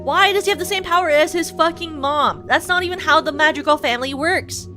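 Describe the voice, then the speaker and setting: With a high, sharp voice and a fairly quick pace, a young woman vents about her game on stream, cursing heavily in exasperation. Game music runs underneath her casual rant.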